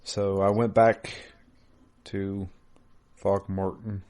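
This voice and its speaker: A man co-hosting a casual gaming podcast over a remote call, relaxed and quick to chuckle, often restarting his sentences. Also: deep voice. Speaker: podcast co-host. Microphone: remote call mic.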